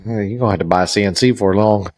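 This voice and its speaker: A man's voice: lowish voice, very fast, darkish tone. A man co-hosting a casual podcast, laughing often as he retells a conversation. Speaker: podcast co-host. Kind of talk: casual chat.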